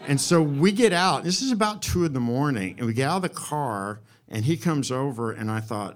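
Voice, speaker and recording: A man in his sixties tells a story before a live audience. He keeps a wry, deadpan tone and swears freely. His voice sits in an ordinary middle pitch. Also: moderate pace, few pauses. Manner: wry, profane, deadpan delivery.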